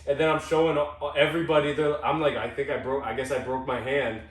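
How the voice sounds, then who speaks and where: A man's voice: medium pitch, flat delivery, fast talker. A young man telling a story in casual chat, rambling and cutting himself off, swearing freely. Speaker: podcast co-host. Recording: roomy sound from a distant mic.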